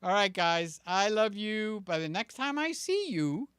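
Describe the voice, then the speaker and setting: A man hosting a live stream, chatting casually and warmly greeting his viewers by name. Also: high voice, big pitch swings, measured pace, smooth, no room sound. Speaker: livestream host.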